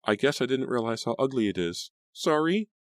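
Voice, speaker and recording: A man's voice: mid-range voice, sing-song, a little fast, dry recording, studio quality, voice pushed up, close to an everyday voice. A man voicing a timid, mousy teenage girl who speaks anxiously and apologizes.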